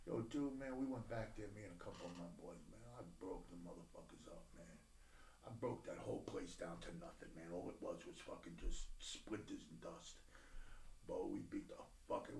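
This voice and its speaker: A middle-aged man telling his life story bluntly as a podcast guest, profane and swinging from low mutters to loud bursts. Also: vocal fry. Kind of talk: candid personal storytelling. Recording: roomy echo.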